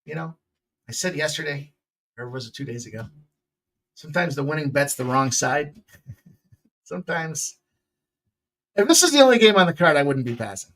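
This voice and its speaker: A man hosting a sports betting picks show, talking casually in a loose, jokey way with bursts of loud excitement. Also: fairly high pitch, moderate pace, pauses often.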